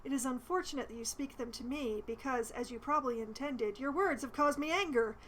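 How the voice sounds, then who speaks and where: A woman's voice: high-pitched, brisk, a bit bright, a little hiss or hum, poor audio. Woman reading Angelo, a smug corrupt commander. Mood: cold.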